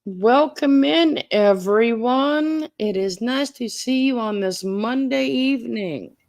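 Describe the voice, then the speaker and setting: A woman hosts a casual live stream, welcoming viewers one by one and cracking jokes. Her voice sits high. She takes her time with every word, and the sound is close and dry with no room around it. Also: takes it slowly, gravelly, darkish tone, dry recording. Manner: jokey, reading out viewer names.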